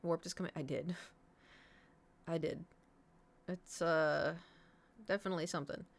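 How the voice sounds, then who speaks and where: A young adult woman chats casually on a home stream, her voice sitting a little low. She rambles from one thought to the next and swears freely as she tells her stories. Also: fairly even intonation, measured pace, creaky. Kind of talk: casual chat. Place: home room.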